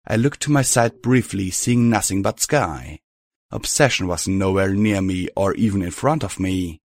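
A man with a lower voice reads a first-person story aloud at an even, steady clip. The sound is dry and close with no room around it. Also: normal speed, no echo. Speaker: narrator. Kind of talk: audiobook reading of fan fiction.

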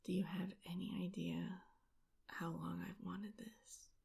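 A woman voicing a tender, teasing male lover in a whispered role-play, gently playful. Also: medium pitch, moderate pace, gravelly.

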